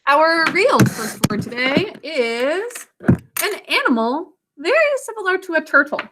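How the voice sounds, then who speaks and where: Woman teacher, slow and careful, spelling lesson, sounds words out, encouraging, video call. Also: high voice, sing-song, heavy background noise. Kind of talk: online reading and spelling lesson.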